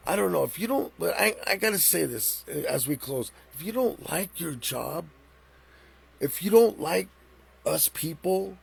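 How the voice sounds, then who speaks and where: A middle-aged man hosts a live stream and retells a story in loose, animated chat. His voice is raspy and husky, with a heavy gravel, and sits a little high for a man. He trips and restarts as he goes. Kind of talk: casual storytelling.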